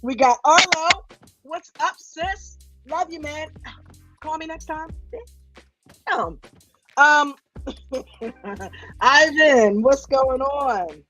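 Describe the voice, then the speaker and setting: A woman's voice: sits high, extremely slow, long pauses, fairly bright tone, muffled recording, faint music behind. A woman hosting a livestream, casually greeting viewers one by one in a playful, teasing, affectionate way. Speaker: host.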